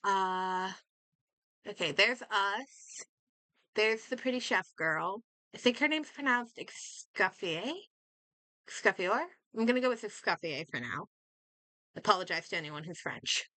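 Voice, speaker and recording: A young woman talks through a reaction video in an excitable, rambling way, full of fillers and restarts. Her voice is bright and crisp. The sound is dry and close on a desk mic. She is a little under the weather. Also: mid-range voice, a little slow, no echo. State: slightly sick. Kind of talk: casual reaction commentary. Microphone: desk microphone.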